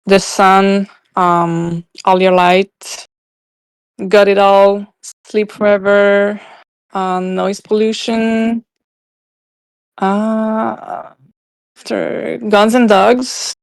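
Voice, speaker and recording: Slow-talking French-accented woman guest. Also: medium pitch, flat delivery, clean tone, dry recording. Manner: hesitant, searching for words, laughs often. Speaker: podcast guest. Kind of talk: casual chat.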